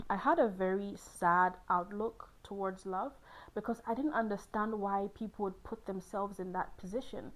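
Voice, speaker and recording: A young woman in the hot seat as host talks candidly and playfully about love and relationships, laughing often. Her voice is mid-range, and the recording quality is low.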